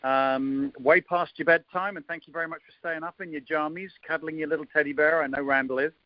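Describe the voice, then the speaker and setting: A man in his fifties with an English accent hosts a team conference call, teasing and rambling with plenty of ums and uhs. His voice sits a bit high for a man. The sound is muffled and dry, like a phone line. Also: fairly even intonation, brisk, no room sound. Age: 50s. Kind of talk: casual chat, jokey introduction.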